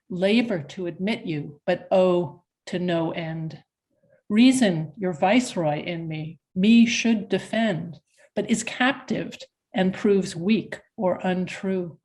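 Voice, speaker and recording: A woman reads a poem aloud over a video call for her class. She takes it slowly and gives every line plenty of expression. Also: fairly low pitch. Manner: slow, expressive recitation. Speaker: class participant. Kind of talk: slow dramatic poetry reading.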